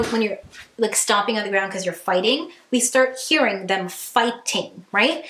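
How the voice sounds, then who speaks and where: A young woman vlogger telling a storytime, animated and acting out what people said. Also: mid-range voice. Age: young adult. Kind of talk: casual storytime. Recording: echoey room.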